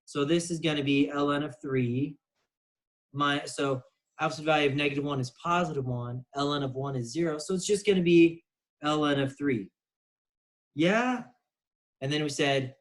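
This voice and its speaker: Male teacher, slightly higher voice, loose explanatory delivery full of ums. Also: unhurried, low-quality recording. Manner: casual, explanatory, with many fillers. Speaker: math teacher. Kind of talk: recorded lesson.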